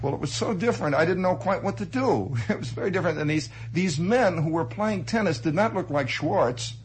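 A man telling an anecdote in a chatty, animated way, laughing through his telling. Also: sits high, fairly quick, slight background noise, poor audio. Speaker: storyteller. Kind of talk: spoken anecdote.

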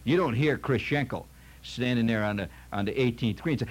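A man's voice: mid-range voice, moderate pace. A man telling a rambling comic story in a folksy manner, peppering it with "see?" and "you know".

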